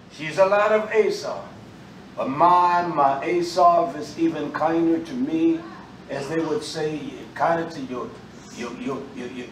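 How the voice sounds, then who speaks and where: A man preaching in a loose, animated street style, his fairly high voice bursting out loud and then dropping back. He sounds roomy and a bit distant from the mic, with faint room ambience behind him. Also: a little hiss or hum. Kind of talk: sermon.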